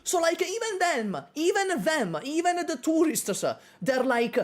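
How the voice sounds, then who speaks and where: A woman's voice: high voice, a little slow, few pauses. A woman from Italy with an Italian accent, chatting casually and jokingly with her stream viewers. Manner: animated, joking, talks straight to chat.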